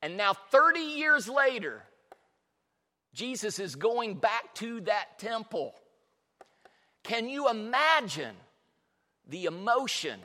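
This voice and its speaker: A man's voice: high-pitched, sing-song, takes it slowly, pauses often, bright, forceful tone. A male pastor preaching a sermon in a church hall, telling Bible stories with passion and lots of repetition. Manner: impassioned storytelling with repetitions. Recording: long reverb in a large hall.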